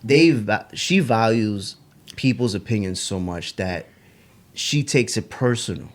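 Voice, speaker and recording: Male podcast co-host, lowish voice, casual and halting with restarts. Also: animated. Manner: halting, restarts, laughs at own slips. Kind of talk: casual chat.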